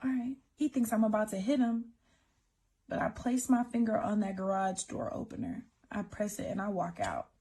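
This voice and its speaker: A woman's voice: medium pitch, fairly even intonation, mellow, breathy edge. A woman telling a dramatic personal story, acting out what was said. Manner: dramatic, reenacts quotes, fast retelling. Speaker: storyteller in a played clip.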